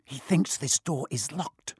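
A man's voice: a little high, a little slow, slightly rough, no echo, studio quality, full character voice. Brief: jittery young wizard boy, read by a man, storybook reading. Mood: tense. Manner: hushed, then urgent.

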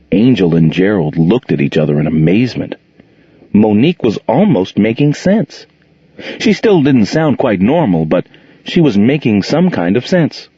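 A man's voice: lowish voice, sing-song, moderate pace, slightly rough, no room sound. A man narrating an audiobook expressively, putting on voices for the characters, in a dull, muffled recording.

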